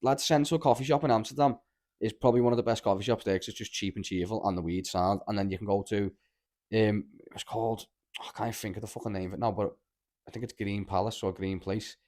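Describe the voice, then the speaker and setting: Fast-talking Scouse man, low voice. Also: fairly even intonation, a little mellow. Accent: Liverpool (Scouse). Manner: rambling, sweary, says "lad" constantly. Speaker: podcast host. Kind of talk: casual chat, storytelling.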